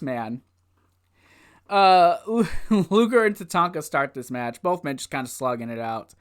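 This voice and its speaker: Excitable man recapping old wrestling. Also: on the high side, a little slow, smooth. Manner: excitable, laughs often, rambling asides. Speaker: wrestling show reviewer. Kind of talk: casual recap commentary.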